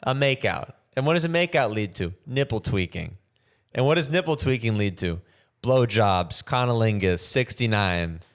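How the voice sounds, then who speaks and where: A man's voice: on the low side, normal speed. A man hosting a comedy podcast, riffing jokingly and acting out little bits in other voices. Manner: animated, jokey, acts out bits in other voices. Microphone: camera mic without a boom arm.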